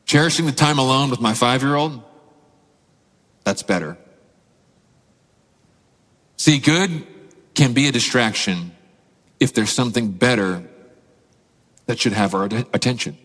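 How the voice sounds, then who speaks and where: Animated pastor in an echoing hall. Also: male voice, medium pitch, unhurried, pauses often. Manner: animated storyteller, acts out quotes, laughs often. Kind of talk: sermon with personal story.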